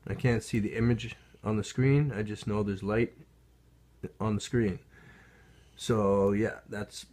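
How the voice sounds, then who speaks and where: A man's voice: mid-range voice, a little mellow. A man from Canada commenting casually into his phone, rambling and sarcastic, with many restarts and chuckles. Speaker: vlogger. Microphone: phone held up to a TV.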